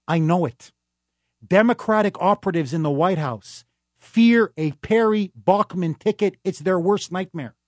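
A man hosting a talk radio show, delivering an emphatic, rapid-fire, opinionated political monologue. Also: sits high, darkish tone, no echo, studio quality.

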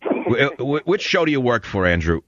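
A man's voice: medium pitch, very animated, normal speed, no echo, lo-fi sound. A man hosting a call-in talk radio show, sarcastic, confrontational and mocking toward callers.

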